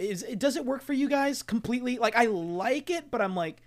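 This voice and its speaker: A man's voice: extremely high pitch, animated, a little fast. A man in casual podcast chat about a film, talking loosely with lots of "like" and laughter. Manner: chatty, laughing, hedging with "like". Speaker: podcast co-host. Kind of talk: casual movie discussion.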